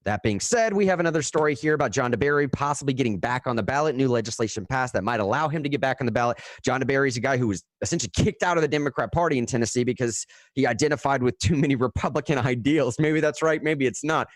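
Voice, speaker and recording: A young man hosting a radio news show, giving live, casual commentary that turns animated and full of restarts. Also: mid-range voice, fast talker, few pauses, no room sound, studio quality. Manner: casual and animated, frequent "dude" and "man", restarts when worked up. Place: radio studio.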